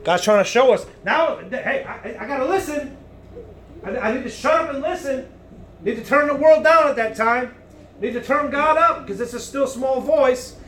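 A man preaching a sermon in a loud, emphatic way, swinging between booming lines and hushed ones. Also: normal speed, slight background noise.

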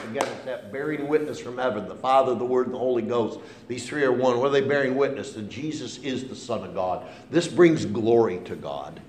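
Male preacher, impassioned sermon, hushed to loud, very echoey church hall, faint hum. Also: medium pitch.

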